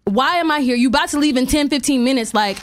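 Fast-talking young woman telling a story. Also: sits high. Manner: animated storytelling, acts out quotes, swears freely. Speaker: storyteller in group chat. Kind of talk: casual chat.

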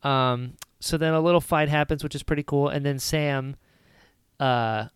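A woman hosting a podcast, recapping a film in casual chat with lively retellings. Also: sits low, clean tone, no room sound, studio quality. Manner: animated retelling with quick character voices. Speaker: podcast host.

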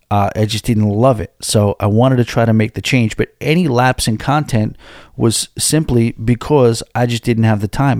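A man's voice: mid-range voice, mellow, no room sound, studio quality. A man hosting a podcast in casual chat, candid and rambling, reading out listener emails and answering them. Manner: candid, rambling, restarts mid-sentence. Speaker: podcast host.

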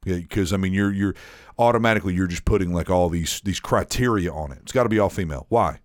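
Man, lowish voice, rambling storyteller, casual podcast chat, dry sound. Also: quick pace, dry recording. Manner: rambling storyteller, swears freely, many restarts. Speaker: podcast co-host.

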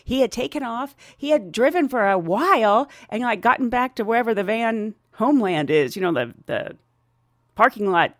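A middle-aged woman with a slightly high voice speaks at a moderate pace in clean, studio-quality sound with no room noise. A podcast host and flight attendant, she tells funny travel stories casually and animatedly, laughing often and acting out the voices of the people involved.

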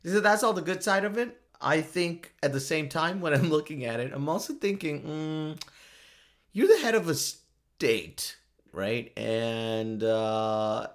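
A man's voice: a little high, measured pace, hardly any pauses. A man giving a casual, joking commentary monologue, often laughing at himself. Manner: joking, self-mocking, frequent laughs. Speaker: vlogger.

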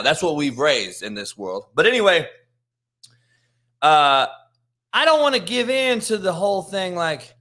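A man's voice: mid-range voice, sharp tone. Profane, fired-up male sports show host. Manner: heated, swearing, emphatic repetition.

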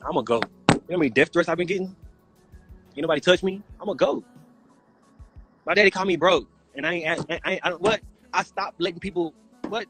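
A man's voice: sits high, brisk, pauses often, fairly bright tone, faint music behind. A man from Texas, a guest in a casual livestream chat, bantering in a brash, teasing, mock-angry way. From Texas, USA.

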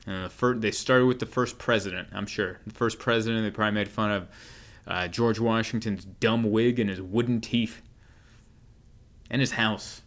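A man's voice: fairly low pitch, steady tone, moderate pace, fairly bright tone. A young man doing a comedic monologue, telling rambling stories with wry asides. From United States.

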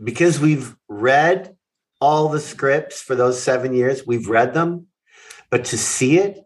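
A man's voice: mid-range voice, fairly bright tone, poor audio. Emphatic, swearing man in casual chat. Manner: emphatic, swears freely, affectionate. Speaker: actor reminiscing with former castmates.

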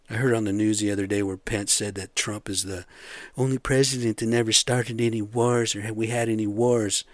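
Low-voiced guy ranting and cussing, sarcastic, loud then muttery, dead dry sound. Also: no room sound. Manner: angry, sarcastic, profane, drifting between loud outbursts and muttering. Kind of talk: profane ranting monologue.

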